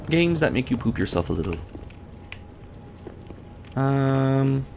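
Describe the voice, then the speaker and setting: A man's voice: mid-range voice, a little mellow, a little hiss or hum. A man giving live gameplay commentary as a streamer, jittery and panicky, talking to himself and to the game. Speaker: let's play livestreamer.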